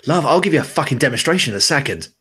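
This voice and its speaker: A hostile young thug in a hoodie, put on by a man narrating a tabletop game, with his voice pushed well above its usual pitch. He swears constantly and sneers at strangers. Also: sing-song, racing, pushed and bright, husky, heavily acted. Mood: threatening. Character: aggressive young male pub thug in a hoodie.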